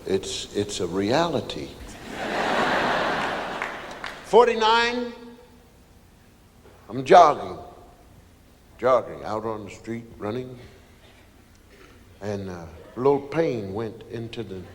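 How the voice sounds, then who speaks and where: Slow, halting man in a roomy hall. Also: fairly low pitch, very animated, a little hiss or hum. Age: 40s. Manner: halting, with many fillers. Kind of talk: reflective interview talk.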